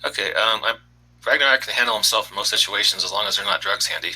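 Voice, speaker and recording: A man playing in a tabletop game, chatting quickly and wandering off on tangents. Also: on the low side, pushed and bright, rough recording. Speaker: player. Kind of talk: casual tabletop game talk.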